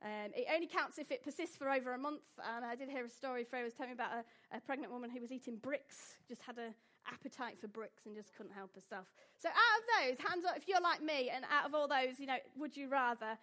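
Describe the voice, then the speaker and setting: A woman's voice: sits high, fast, hardly any pauses, fairly bright tone. A young woman giving an informal, jokey talk to a live audience, often asking them questions. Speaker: speaker addressing an audience.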